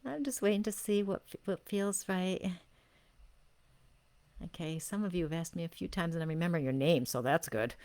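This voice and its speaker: A woman hosting a live-stream soul reading for viewers, speaking in effusive, gushing praise and slowing into drawn-out phrases while she senses each person. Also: lowish voice, darkish tone. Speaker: intuitive reader and show host.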